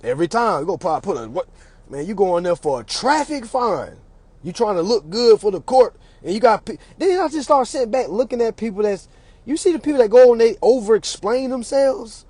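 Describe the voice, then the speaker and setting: Man, casual storytelling monologue, animated, high voice, dry sound. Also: a little fast, slightly rough, no room sound. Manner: animated, acts out other people's voices. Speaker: channel host.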